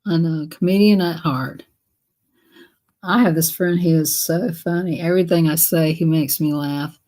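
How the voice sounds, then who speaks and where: A woman's voice: deep voice, fairly even intonation, normal speed, dark tone. A woman live streaming, telling rambling stories in casual chat and laughing often as she talks.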